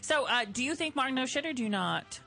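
A woman's voice: high-pitched, lively intonation, fairly quick, creaky, pushed and bright, soft background music. A woman hosting a radio show, running a call-in game in a chatty, playful, teasing way.

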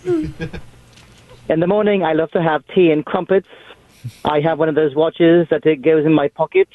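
An American man plays a caller hamming up a fake English gentleman. His voice sits high and thin. It comes through a tinny phone line. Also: normal speed, no room sound, close to an everyday voice. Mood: hammy. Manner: hammy, overdone British put-on.

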